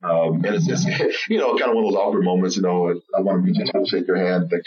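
A man guesting on a podcast, telling a story with animated, laughing delivery. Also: low-pitched, quick pace, distant mic, dull audio. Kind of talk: storytelling interview chat.

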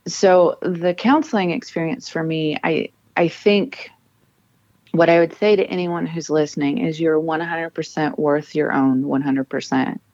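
A woman's voice: deep voice, fairly even intonation, unhurried, a little mellow, dry recording, muffled recording. A woman in her thirties, a military spouse and author, telling her family's story with earnest emotion and frequent restarts. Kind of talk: personal storytelling in an interview.

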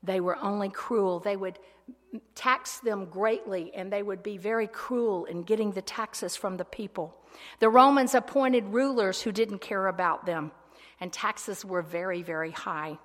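A woman preaching a sermon, swinging between loud ringing proclamation and hushed, whispered asides. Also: medium pitch, a little slow. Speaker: speaker. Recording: long hall reverb.

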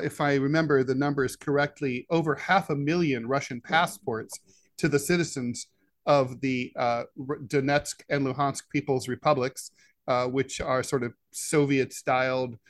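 A man co-hosting a political discussion podcast who talks in a halting way, with many "uh" fillers between phrases. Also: fairly high pitch, no echo. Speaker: podcast co-host, editorial cartoonist.

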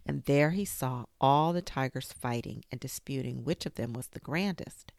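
A woman reading a children's story aloud in an expressive, lilting way. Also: extremely low pitch, moderate pace, creaky, no echo, studio quality.

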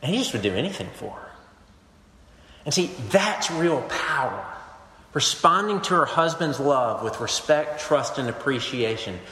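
A man's voice: medium pitch, unhurried, a little hiss or hum. Man preaching in an echoey hall. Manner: animated storytelling, swings between emphatic and hushed. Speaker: pastor. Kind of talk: sermon. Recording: echoey hall with long reverb.

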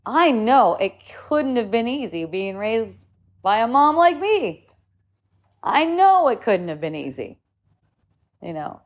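A woman's voice: a little high, big pitch swings, slow, pauses often. A middle-aged woman giving a casual spiritual talk, rambling and repeating her words as she goes. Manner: rambling, repeats words, acts out shouts and quotes.

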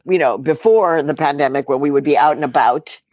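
A woman's voice: low-pitched, fairly quick, a little mellow, no echo, studio quality. A middle-aged woman journalist in an interview, talking emphatically and firing rhetorical questions with sarcastic asides. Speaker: journalist guest. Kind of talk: animated political interview talk.

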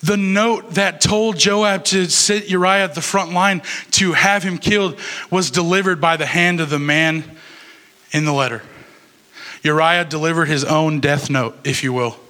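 Bright-voiced young male youth pastor. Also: on the high side, unhurried. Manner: casual, conversational preaching with fillers. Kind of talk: sermon.

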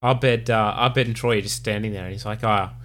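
A man's voice: lowish voice, a little fast, a little hiss or hum. A man co-hosting a podcast, casually recapping an episode with many fillers and acted-out quotes. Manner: relaxed, many fillers, acts out quoted lines. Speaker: podcast co-host.

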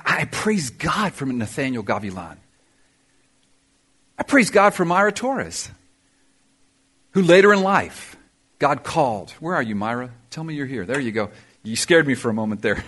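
Energetic husky-voiced male pastor preaching. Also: fairly high pitch. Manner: energetic, emphatic preaching with punchy exclamations. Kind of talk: sermon. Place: church service before a congregation.

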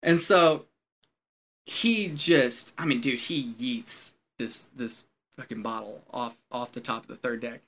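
A man, a former Marine, telling a story in casual chat, animated and profane, often laughing as he talks. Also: medium pitch, takes it slowly.

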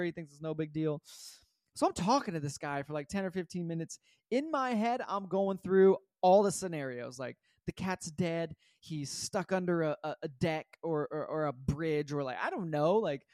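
A man with a fairly high voice tells a long personal story in a casual, rambling way, filling it with "like" and "right?". He is recorded close and dry. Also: fairly quick, dry recording. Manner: rambling, animated, full of "like" and "right?". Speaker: podcast host.

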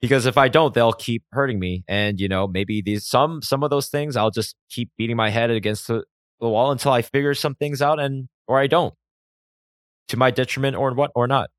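A man's voice: medium pitch, normal speed, dry recording, clean studio sound. Rambling, profane male podcast host. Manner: rambling, profane, self-reflective. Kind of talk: solo podcast monologue.

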